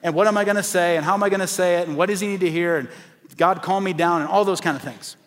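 A middle-aged man preaching a sermon, telling a story in an animated way and acting out the voices of the people in it. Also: high voice, fast. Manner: animated, acts out quoted voices. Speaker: pastor. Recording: long hall reverb.

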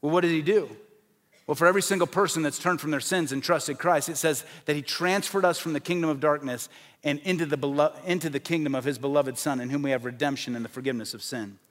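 A man preaching an evangelistic sermon, emphatic, rising to forceful peaks and dropping low, sometimes acting out the voices of doubters. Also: steady tone, fast talker.

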